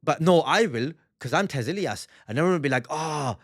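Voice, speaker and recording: A man from England speaks fast in a voice on the high side. He's a comedian co-hosting a podcast from a family home, trading comic banter and animatedly telling stories, acting out the voices.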